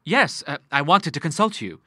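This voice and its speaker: A man's voice: fairly high pitch, very animated, normal speed, sharp tone, no echo, clean studio sound, full character voice. A man reading an audiobook, voicing a young man who speaks hesitantly and apologetically to his father.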